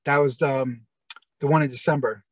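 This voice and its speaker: A man's voice: mid-range voice, fairly even intonation, normal speed, rough recording. A man telling long, rambling stories as the guest in an interview, often restarting and quoting what people said. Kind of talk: casual storytelling interview.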